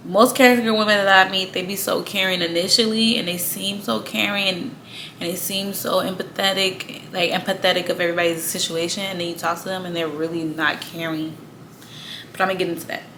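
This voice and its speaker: Bright-voiced woman ranting casually. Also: mid-range voice, a little hiss or hum. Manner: blunt, swearing, slangy, frequent laughs. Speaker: astrology vlogger. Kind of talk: casual monologue.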